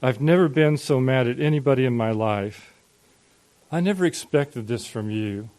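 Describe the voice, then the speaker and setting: A man voicing a furious, condemning farmer father who yells at his son. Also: medium pitch, moderate pace, natural voice. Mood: bitter, seething. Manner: yelling, condemning.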